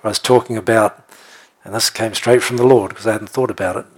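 A man preaching a sermon, animated and playful, often laughing and checking in with the congregation. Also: on the low side, fast talker, breathy edge. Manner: animated, jokey, laughs often, asks the room "right?". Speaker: pastor.

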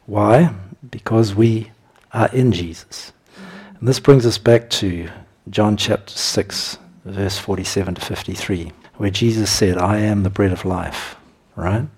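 Husky-voiced man preaching a sermon. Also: lowish voice, a little slow. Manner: conversational, chuckles between points.

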